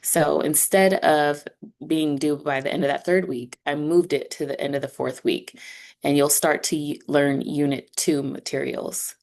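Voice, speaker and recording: Voicing for a sign language instructor, a woman guides students through an online class in an upbeat, conversational way, explaining each step. Her voice is low, creaky, and a little mellow.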